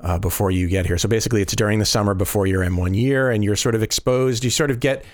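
A man hosting a casual podcast chat, halting and full of fillers. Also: lowish voice, dry recording, clean studio sound. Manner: hesitant, many fillers and restarts. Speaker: podcast host.

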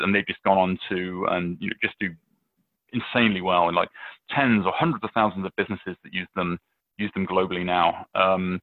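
A man's voice: fairly low pitch, no room sound. A British man, a venture capitalist, chatting through his early investing stories with plenty of fillers and restarts. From England. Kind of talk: casual interview answers. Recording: dry, tinny phone-like line.

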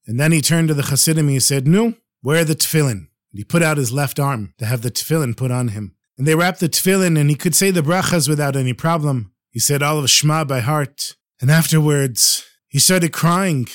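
A man narrating religious tales for a podcast in a slightly high voice. He closes with a preachy lesson for his listeners, and the recording is dry and close. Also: fairly quick, hardly any pauses, no room sound. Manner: warm, preachy, addresses listeners fondly. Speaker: storyteller. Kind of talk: podcast storytelling.

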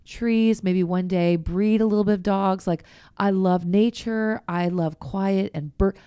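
A middle-aged woman talks candidly on a faith podcast in a chatty, open way. She sometimes drops to a hushed near-whisper. The sound is dry and close. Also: mid-range voice, fairly even intonation, measured pace, smooth, dry recording. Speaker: podcast host. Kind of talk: faith-based casual chat.

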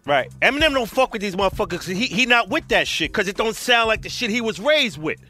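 A man's voice: high-pitched, big pitch swings, fast, pushed and bright, faint music behind. A man in casual podcast chat, emphatic and profane.

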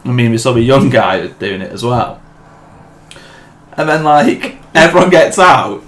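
A young man, casually telling a story among friends, animated and laughing often. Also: medium pitch, measured pace. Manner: animated, swears freely, laughs through the story. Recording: echoey room with faint ambient noise.

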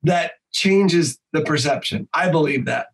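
A man who works as a voice actor and improv teacher, talking in a casual podcast interview in an animated way, swearing freely and slipping into quick voices. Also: fairly high pitch, gravelly, poor audio.

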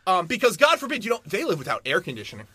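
High, lively, sarcastic man. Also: rapid-fire, no echo. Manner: sarcastic and profane, mocking tone. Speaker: podcast co-host. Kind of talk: casual podcast chat.

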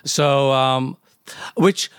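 A man's voice: mid-range voice, extremely slow, fairly bright tone, smooth, no echo, clean studio sound. A middle-aged man from the UK, a doctor guesting on a podcast, telling jokey anecdotes in casual interview chat. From UK, born in South Wales, raised in Leeds. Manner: chatty and jokey, tells anecdotes.

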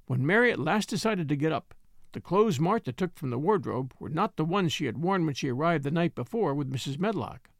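A woman narrating a classic children's novel aloud in a measured, expressive storytelling manner. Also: low voice, no echo, clean studio sound. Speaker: audiobook narrator. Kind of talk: scripted narration.

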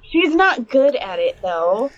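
A woman's voice: on the high side, very animated, slow pace. Dull-sounding woman telling home stories. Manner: candid storytelling, swears and laughs often. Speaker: podcast co-host. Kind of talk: casual chat.

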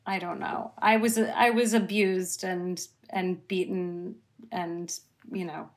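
An actress chats through an interview, poking fun at herself and frequently bursting into laughter. Her voice is lowish with little pitch movement, and she speaks slowly.

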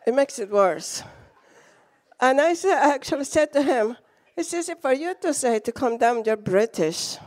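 High-voiced Latina woman preaching. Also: moderate pace. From Latin America. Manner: animated storytelling, acts out quotes, laughs often. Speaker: guest preacher. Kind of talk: sermon with storytelling.

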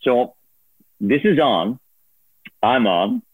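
A man's voice: medium pitch, big pitch swings, extremely slow, slightly rough, no echo. A man tells a story as a guest, his voice swinging up and down as he laughs and acts out other people's lines. The line sounds narrow and phone-like, and the sound is close and dry with no room around it. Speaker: guest, former producer turned on-air host. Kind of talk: casual storytelling interview.

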